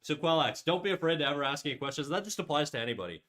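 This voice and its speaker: A man's voice: on the high side, lively intonation, racing, fairly bright tone. A man hosting a casual livestream while drawing. He rambles and restarts, says "like" often, swears freely, and reads out and answers chat messages. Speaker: livestream host.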